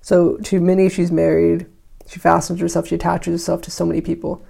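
Podcast host, reads classic poetry and riffs on it casually; gravelly, monotone delivery. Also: mid-range voice, a little fast. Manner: reads archaic verse, then paraphrases loosely with many likes and you-knows. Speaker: podcast host reading and interpreting a poem. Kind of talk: casual explanatory reading with commentary.

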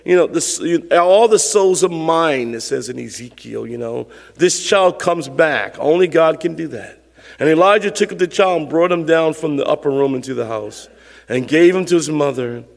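High, gravelly-voiced preacher man. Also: normal speed, long reverb tail. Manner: emphatic, repetitive preaching with call-and-response. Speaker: pastor. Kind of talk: sermon.

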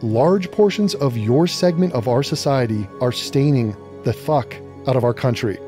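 A man's voice: medium pitch, expressive, moderate pace, warm tone, faint music behind. A man hosting a talk show, delivering a mocking, profane and emphatic commentary rant. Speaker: radio show host.

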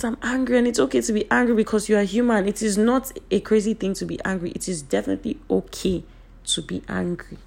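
A Nigerian woman gives her viewers an earnest, emphatic motivational talk, repeating her key points. Her voice is on the low side with vocal fry, and it sounds a little off today.

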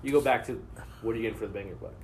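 A man in casual chat, chiming in with quick agreement and short remarks. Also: lowish voice, noisy background.

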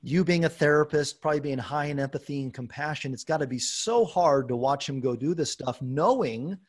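Brief: forties male podcast host, a touch higher voice, animated and self-mocking storyteller. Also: brisk. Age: 40s. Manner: animated storyteller, self-deprecating, acts out quoted dialogue. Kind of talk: casual podcast chat.

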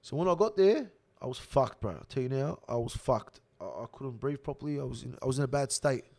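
A young Australian man telling a rough prison story in casual slang, swearing constantly. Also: medium pitch, brisk. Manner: swears heavily, animated slang-filled storytelling.

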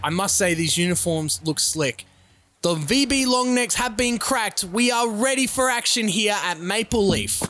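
A man's voice: high voice, lively intonation, unhurried, sharp tone, soft background music. A man doing mock sports commentary for a simulated cricket game in announcer cadence. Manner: announcer cadence, reading out lineups and sponsors. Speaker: play-by-play commentator.

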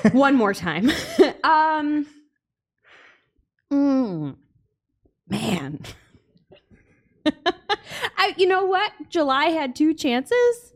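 A woman's voice: high voice, very animated, drawn-out words, pauses often. A woman co-hosting a podcast in casual chat, giggly and upbeat. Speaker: podcast co-host.

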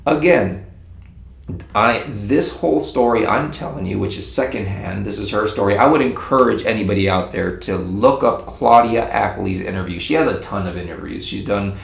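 A man casually retelling a secondhand story in an animated, rambling way, with frequent restarts. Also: on the low side, normal speed, vocal fry. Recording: roomy echo with faint ambience.

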